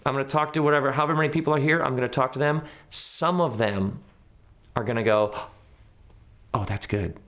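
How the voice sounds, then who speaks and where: A man's voice: mid-range voice, fast. A middle-aged man, an author and speaker, talking reflectively in an interview and acting out the voices of people in his stories. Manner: animated, acts out quoted voices in his stories. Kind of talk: reflective conversational storytelling.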